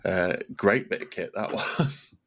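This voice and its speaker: Podcast guest guy, lower voice, easygoing, telling a little story. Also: unhurried, gravelly, a bit bright. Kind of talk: casual podcast chat.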